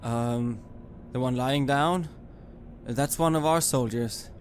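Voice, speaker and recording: A man playing a character in a tabletop horror game, answering quickly and eagerly. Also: mid-range voice, slight background noise.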